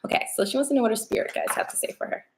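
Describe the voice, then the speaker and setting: A woman's voice: fairly high pitch, very fast, slight background noise. Chatty young woman reading tarot. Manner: chatty, playful, talks straight to viewers. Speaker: tarot reader. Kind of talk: casual livestream tarot reading.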